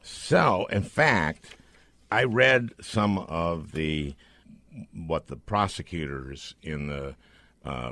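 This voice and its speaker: A man's voice: very deep voice, a bit bright, no room sound. A man hosting a podcast interview, talking in an impassioned, emphatic way as he makes his case. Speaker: podcast host.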